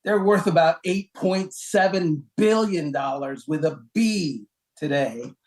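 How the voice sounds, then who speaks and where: A man co-hosting a casual sports talk show, counting down a list with lively, emphatic delivery and rhetorical questions. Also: takes it slowly, poor audio. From Cuban heritage, raised in South Florida. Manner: animated, rhetorical questions, emphatic pitch jumps.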